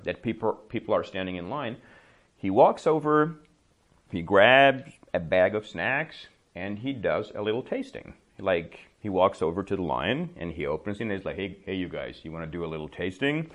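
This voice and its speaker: A man giving a casual English lesson, telling a story and often checking that listeners follow with "right?", laughing between remarks. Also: on the low side. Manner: chatty, checks understanding with frequent "right?". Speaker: English teacher.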